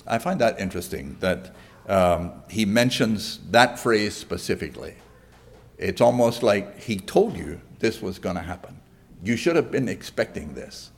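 A man preaching a sermon in a conversational way, pausing often and asking the congregation questions. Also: on the low side, expressive. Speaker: pastor.

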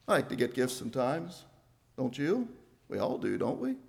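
An older man preaching a sermon, building to emphatic loud phrases and then dropping to a quiet, low delivery. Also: big pitch swings, normal speed, gravelly.

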